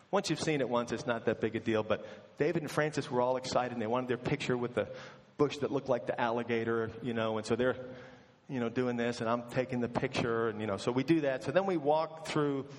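A man preaching a sermon, telling a personal story and acting out the people in it. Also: mid-range voice. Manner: storytelling, animated in quoted asides. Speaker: pastor. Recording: long reverb of a large hall.

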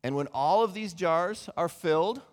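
Male preacher, earnest teaching tone with frequent restarts, slightly high voice, reverberant room. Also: expressive, normal speed. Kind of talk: Bible teaching sermon.

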